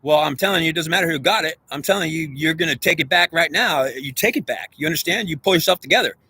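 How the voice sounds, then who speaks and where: A man rants to camera in a preachy, agitated monologue. His voice is fairly high and bright, and he talks quickly. The sound is close and dry. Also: slightly rough, no room sound. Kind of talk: ranting monologue.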